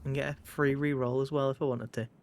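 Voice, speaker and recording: An English man streams his gameplay with casual, wry commentary, dipping into fake posh voices for fun. He speaks fast in a mid-range, level, darkish voice, with a little hiss or hum on the audio.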